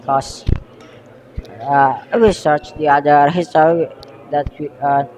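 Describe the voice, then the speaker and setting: Halting young Indonesian-accented man, slow. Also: fairly high pitch, fairly even intonation, a little mellow, big-room sound, poor audio. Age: young adult. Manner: halting, self-correcting, reads haltingly from notes. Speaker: student presenter. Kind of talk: school history presentation.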